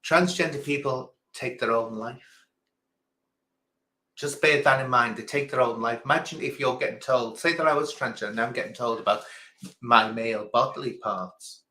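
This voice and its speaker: Theatrical quiz-hosting man, bright echoey voice. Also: mid-range voice, normal speed. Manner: theatrical, self-mocking and grand, calls listeners darling. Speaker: livestream quiz host. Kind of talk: casual livestream chat. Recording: echoey room.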